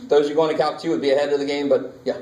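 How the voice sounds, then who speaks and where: A man's voice: fairly high pitch, level tone, very fast, echoey room, crowd noise, poor audio. A man teaching a math class, casual and joking, talking straight to his students. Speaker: math instructor. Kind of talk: classroom lecture. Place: lecture classroom.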